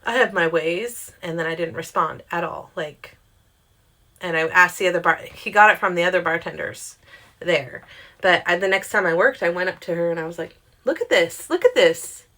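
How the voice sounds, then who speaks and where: Chatty young woman telling a story. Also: normal speed. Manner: chatty, animated, swears freely, quotes herself in pitched-up voices. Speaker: storyteller vlogger. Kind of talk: casual storytime monologue.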